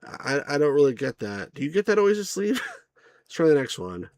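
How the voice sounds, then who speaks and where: A man's voice: on the high side, very animated, normal speed, darkish tone, no room sound. Rambling male game reviewer. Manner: rambling, chuckling, many restarts and asides to viewers. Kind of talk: casual gameplay commentary.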